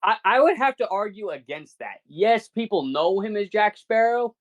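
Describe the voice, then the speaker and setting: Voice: mid-range voice, animated, normal speed. A podcast co-host ranting in casual chat, swearing constantly and sounding incredulous.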